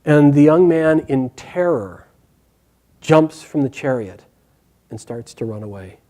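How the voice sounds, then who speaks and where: A male storyteller retells an epic tale with lively, animated energy and casual fillers. His voice sits fairly high and has a warm, mellow tone. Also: unhurried. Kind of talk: oral storytelling.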